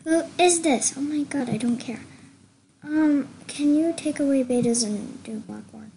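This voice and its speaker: A young woman chatting excitedly through casual gameplay commentary, gushing and chatty. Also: high-pitched, normal speed, slight background noise. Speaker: gamer.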